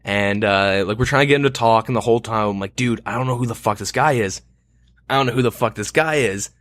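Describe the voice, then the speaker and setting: A man's voice: lowish voice, quick pace, fairly bright tone, dry recording. Rambling, swearing young man on a dry mic. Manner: rambling, swears often, many fillers. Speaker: podcast co-host. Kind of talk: casual storytelling chat.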